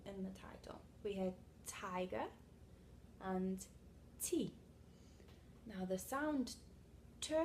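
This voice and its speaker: A young woman giving a read-aloud literacy lesson to small children, explaining slowly and patiently and checking in with "okay?" as she goes. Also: on the high side, a little mellow, a little hiss or hum. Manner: claps and calls out syllables, some words half-whispered. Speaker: reading teacher.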